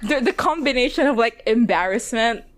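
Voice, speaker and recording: Chatting about a TV episode on the podcast she co-hosts, this woman speaks at normal speed in an expressive, highish voice. Her recap is casual, full of giggles, rambling and quoted character lines.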